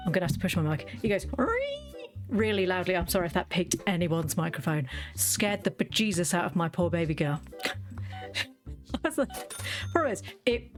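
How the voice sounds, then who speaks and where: Female streamer, lowish voice, casual wry storyteller, faint music bed. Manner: chatty, wry, laughs while telling stories. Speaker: gaming streamer. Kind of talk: casual storytelling while playing.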